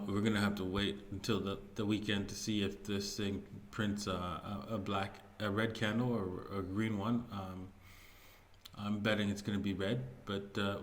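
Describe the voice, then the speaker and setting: A man's voice: lowish voice, a bit bright, a little hiss or hum. A man hosting his own video, talking loosely through market news with many fillers and restarts. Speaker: crypto video host. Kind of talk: casual market commentary.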